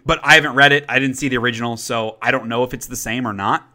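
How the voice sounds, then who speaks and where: A man's voice: mid-range voice, fairly even intonation, fast, bright, forceful tone. A man co-hosting a podcast, chatting casually about movies he watched, rambling with fillers and restarts. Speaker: podcast co-host. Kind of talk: casual chat reviewing movies.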